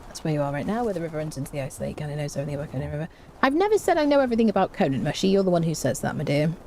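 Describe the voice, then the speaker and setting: A woman's voice: low-pitched, big pitch swings, racing, warm tone, slight background noise. A woman streaming a game live, chatting casually with her viewers and humming little tunes to herself.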